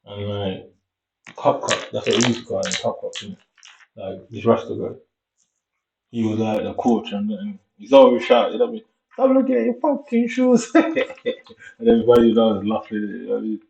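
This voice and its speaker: A man's voice: on the low side, little pitch movement, gravelly, mellow. A young man from Jamaica with a Jamaican accent, telling a long, rambling story in a casual, slangy way. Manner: rambling, slangy, loose and unhurried. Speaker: vlogger. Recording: echoey room, distant dull mic.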